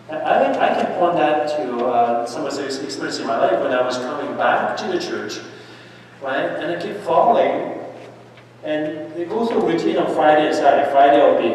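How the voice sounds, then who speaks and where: A man's voice: fairly high pitch, unhurried, recorded from a distance, a little hiss or hum. Man preaching in an echoey church. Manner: animated, anecdotal, with asides and laughter. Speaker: priest leading a Lenten mission. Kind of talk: sermon. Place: large church.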